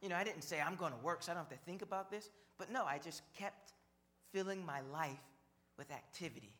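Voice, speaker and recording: A man preaching a sermon, slow and measured, building on repeated phrases. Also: on the high side, fairly bright tone. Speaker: pastor.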